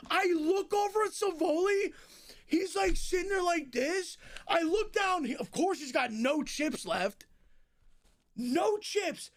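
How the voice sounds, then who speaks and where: A young streamer with a high voice tells a wild story casually to his live stream audience. He's animated and swears a lot, switching between fast narration and loud outbursts.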